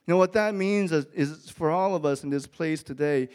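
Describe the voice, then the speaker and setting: A man's voice: fairly high pitch, normal speed, a little mellow, clean tone. Man preaching a storytelling sermon. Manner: storytelling, rising to emphatic peaks. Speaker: pastor. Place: church with an audience.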